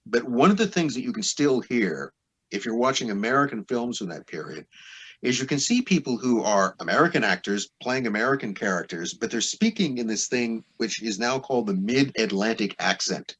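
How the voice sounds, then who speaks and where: Husky-voiced man explaining at length. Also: mid-range voice, lively intonation, moderate pace, fairly bright tone. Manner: discursive, lecturing with many asides. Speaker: guest historian. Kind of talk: podcast interview explanation.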